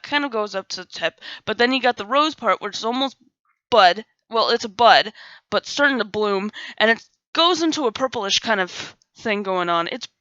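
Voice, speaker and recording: A woman's voice: mid-range voice, bright, forceful tone, no echo. A young woman hosting a gaming video, telling a rambling, self-mocking story with giggles. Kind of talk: storytelling over gameplay. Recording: dull lo-fi dry recording.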